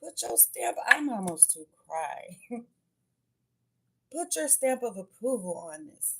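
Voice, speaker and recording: A woman's voice: on the high side, sing-song, takes it slowly, bright, forceful tone, breathy edge. A woman giving a casual tarot and oracle card reading to her viewers, chatty and blunt, swearing freely and calling them babies and y'all.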